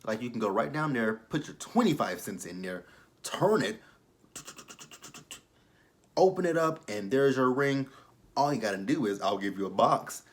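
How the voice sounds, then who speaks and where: A man around thirty reviewing a reality show in casual commentary, animated and profane with rambling asides. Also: mid-range voice, moderate pace, long pauses.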